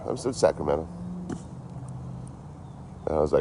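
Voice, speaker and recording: Deep-voiced profane man chatting outdoors. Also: animated, a little fast, background noise. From Detroit, US. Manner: rambling, heavily profane. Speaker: livestreamer. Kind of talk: casual livestream chat. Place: outdoors, by a road.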